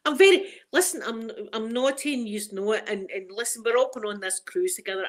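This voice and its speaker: Greeting her viewers by name, a middle-aged Scottish woman talks casually on a live stream in a fairly high voice. She gets emotional and is quick to laugh.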